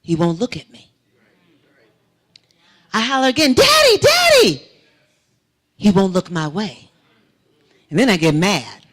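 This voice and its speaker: A woman preaching a testimony in a church sanctuary. Her voice is lively and full of movement, carrying her story along with rising, emphatic swells. She speaks as a guest speaker in a sermon. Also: fairly low pitch, measured pace, pauses often.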